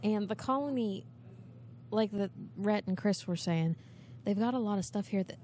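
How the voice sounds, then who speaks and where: A woman's voice: mid-range voice, normal speed, mellow, slight background noise. A woman hosting a podcast quiz, chatting casually and laughing easily from a couch in a busy venue. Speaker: podcast host running a movie quiz. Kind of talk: casual chat.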